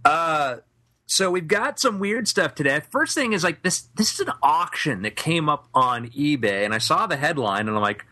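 Bright-voiced lively male podcast host. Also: on the high side, normal speed. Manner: playful, theatrical intros. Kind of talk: casual comedic chat.

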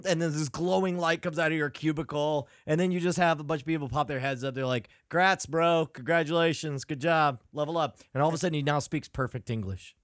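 A man's voice: a little high, fairly even intonation, fast, hardly any pauses, no room sound, clean studio sound. A man co-hosting a podcast, telling rambling stories in casual chat and chuckling mid-sentence. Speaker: podcast co-host.

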